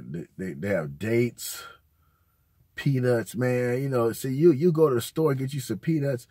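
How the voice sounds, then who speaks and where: A man's voice: medium pitch, darkish tone, husky, dry recording, clean studio sound. A man, host of his own channel, telling casual, rambling, profane stories full of slang. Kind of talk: casual storytelling.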